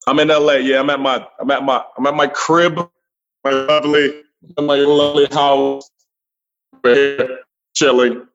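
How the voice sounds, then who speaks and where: A man guest on a remote interview, telling animated stories with frequent laughs and restarts. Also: mid-range voice, measured pace, long pauses, dry recording, dull audio, soft background music. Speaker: guest comedian. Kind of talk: casual interview chat. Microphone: remote call.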